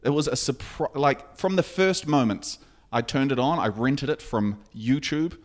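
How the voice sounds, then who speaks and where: Man, podcast co-host, casual chat, jokey riffing, mid pitch. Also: normal speed. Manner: jokey, riffs on scenes with comic voices.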